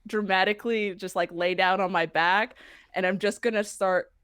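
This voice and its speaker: A woman's voice: medium pitch, steady tone, normal speed, a bit bright, clean tone, no room sound, studio quality. A woman playing in a tabletop game, hesitant and stammering, with frequent giggles. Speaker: player. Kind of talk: casual tabletop play.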